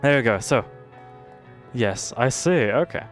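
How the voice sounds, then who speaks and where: A young British man commenting casually on a game he is playing, swearing and reacting loudly to what happens on screen. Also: mid-range voice, animated, unhurried, faint music behind. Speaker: streamer.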